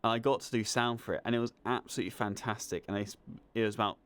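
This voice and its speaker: A man's voice: mid-range voice, very fast. A young man with a Southern English accent, a film student chatting as an interview guest and telling stories with enthusiasm. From England. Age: young adult. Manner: enthusiastic, animated storyteller. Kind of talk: casual interview chat.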